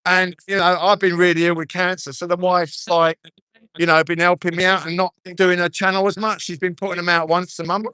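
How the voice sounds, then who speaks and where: An older man chatting bluntly into his phone at an outdoor march, his voice bright and forward. The sound is close and dry, with no room around it. He jokes and talks straight to his viewers. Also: high voice, little pitch movement, brisk, clean tone, no echo. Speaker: livestreamer at a march. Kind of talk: casual live-stream chat. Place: outdoors at a crowded street march. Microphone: handheld phone.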